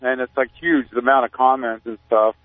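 A man calling in to a radio show, talking in a halting, rambling way with deadpan satire. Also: mid-range voice, dry recording. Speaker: caller, community activist. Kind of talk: casual radio interview over the phone. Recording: tinny phone line.

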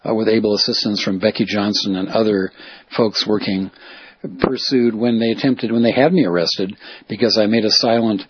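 A man's voice: lowish voice, steady tone, normal speed, husky, no room sound, lo-fi sound. A man, a reporter and activist, talking in a rambling, self-correcting way as he recounts and explains. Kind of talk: casual spoken monologue.

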